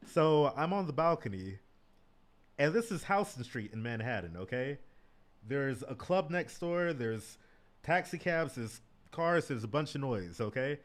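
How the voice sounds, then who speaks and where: Animated man in his thirties telling stories. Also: mid-range voice, a little slow. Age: 30s. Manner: animated, swears casually, says "like" and "bro" often. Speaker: guest. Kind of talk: casual storytelling chat.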